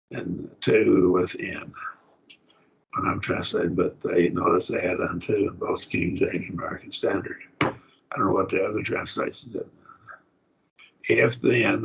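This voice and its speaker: A man's voice: sits low, vocal fry, fairly bright tone, slightly rough. A man teaching a college-level Bible study class, working through Greek grammar and thinking aloud with frequent restarts. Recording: dull lo-fi recording.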